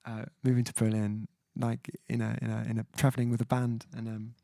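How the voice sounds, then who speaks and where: A man's voice: medium pitch, flat delivery, brisk, gravelly, warm tone, dry recording, studio quality. A man hosting his own music livestream, chatting casually and reading viewer comments aloud, hesitant with many fillers as he sounds out foreign words. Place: at home, indoors.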